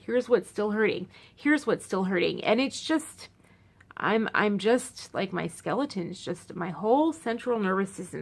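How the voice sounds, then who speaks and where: A young woman talks straight to her camera in a loose, rambling vlog, repeating lines for emphasis. Her voice carries a gravelly vocal fry, and she sounds worn out and in pain after a procedure. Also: medium pitch. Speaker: vlogger. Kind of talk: casual talk to camera.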